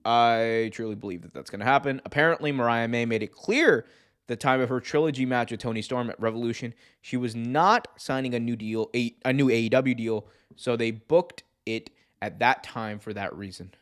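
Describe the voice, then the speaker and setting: A man's voice: mid-range voice, normal speed. Hyped up guy talking wrestling on his podcast, slangy, laughs a lot. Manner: excitable, laughs often, slangy. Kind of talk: casual chat.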